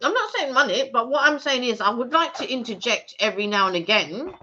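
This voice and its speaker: Co-host wanita Inggris, suara cerah, ngobrol santai, audio lo-fi kusam. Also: female voice, fairly high pitch, sing-song, fairly quick, pushed and bright. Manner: chatty, talks while eating. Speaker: co-host of a live stream. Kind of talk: casual live-stream chat. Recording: dull lo-fi stream audio.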